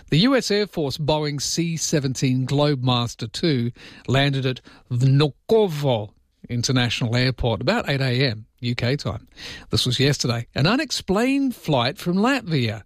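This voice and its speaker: Chatty radio host, dry close sound. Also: male voice, mid-range voice, dry recording. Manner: chatty, jokey asides, self-mocking. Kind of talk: casual talk radio. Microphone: studio microphone.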